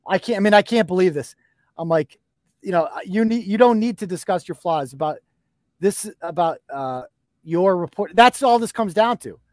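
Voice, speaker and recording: A man's voice: high-pitched, expressive, normal speed, a little mellow, dry recording. A man hosting a podcast, ranting in a profane, combative and mocking way. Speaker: host. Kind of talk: heated podcast rant.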